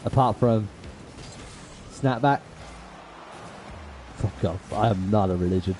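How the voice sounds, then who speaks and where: A man's voice: on the low side, slow, pauses often, mellow, slight background noise, low-quality recording. A man live-streaming a game, chatting with viewers in slangy talk, swearing and raging at plays, then apologizing. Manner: talks straight to chat viewers, slangy with lots of bro. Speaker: gaming livestreamer. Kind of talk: casual live commentary to chat while playing.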